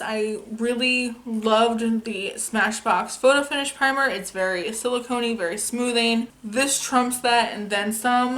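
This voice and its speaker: A young woman with a slightly high voice talks through a makeup haul in a chatty, enthusiastic way. She swears casually and sounds relaxed, filming at home. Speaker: beauty youtuber.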